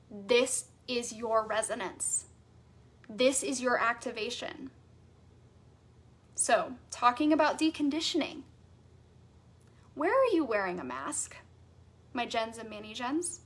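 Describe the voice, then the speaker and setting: A woman's voice: fairly high pitch, lively intonation, unhurried, pauses often. A woman business coach teaching a live online masterclass, bubbly and enthusiastic, stopping to read out viewers' comments.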